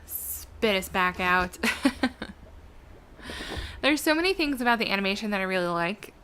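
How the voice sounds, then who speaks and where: A woman's voice: medium pitch, animated, a little slow, sharp tone, a little hiss or hum. A woman giving chatty, giggly commentary while playing a video game. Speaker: let's play gamer.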